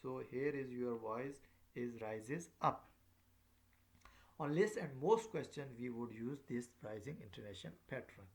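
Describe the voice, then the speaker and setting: Slow, halting male lecturer. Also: medium pitch. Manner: slow and halting, many fillers; explains by repeating phrases. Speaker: teacher. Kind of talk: recorded lecture.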